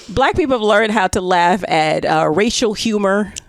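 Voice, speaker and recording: Woman, American, comedy podcast co-host, lively swooping voice, joking, dry close mic. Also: mid-range voice, no echo. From United States. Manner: animated, laughs often, quick jokey asides. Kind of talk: casual comedic banter.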